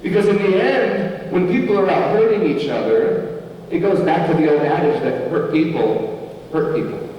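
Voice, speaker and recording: A man's voice: on the high side, normal speed, far from the mic, lo-fi sound, a little hiss or hum. A man preaching a sermon as pastor, with an emphatic, repeating cadence. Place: church sanctuary. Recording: echoey hall, from afar.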